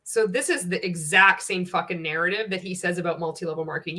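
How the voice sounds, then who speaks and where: A woman's voice: lowish voice, fast, few pauses, bright, forceful tone. A woman giving a sarcastic, profane commentary, laughing often as she picks apart a video. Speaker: anti-MLM commentator. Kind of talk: casual ranting commentary.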